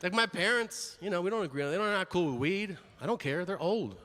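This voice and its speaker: Male stand-up comic, animated delivery with sudden high character voices, live club recording with long hall reverb. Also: a little fast, noisy background. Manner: animated, jumps into high-pitched voices for quoted people. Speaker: stand-up comedian. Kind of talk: stand-up comedy routine. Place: comedy club stage. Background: audience laughter.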